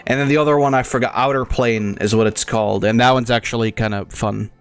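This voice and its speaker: A man's voice: mid-range voice, steady tone, fast talker, clear, resonant tone, no room sound. Rambling, foul-mouthed young man gaming. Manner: rambling, crude and profane. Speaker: gaming channel host. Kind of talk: casual gameplay commentary.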